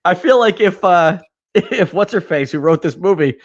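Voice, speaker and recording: A fairly high-voiced man co-hosts a casual podcast chat, rambling along and laughing often as he talks. He swears casually. The sound is dull and lo-fi. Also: lively intonation, moderate pace. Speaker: podcast co-host.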